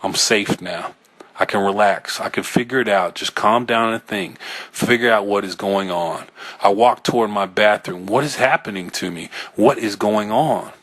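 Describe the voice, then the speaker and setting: A man with a lowish voice reads a first-person horror tale aloud. His delivery is tense and halting, with small slips he corrects as he goes. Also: fairly bright tone. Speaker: audiobook reader.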